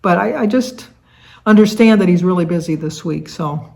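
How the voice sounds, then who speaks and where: A gravelly, darkish, lowish voice at a moderate pace comes from an older woman from the Detroit area, United States. Hosting a tag video as a vlogger, she chats to camera casually, rambling with frequent fillers and restarts.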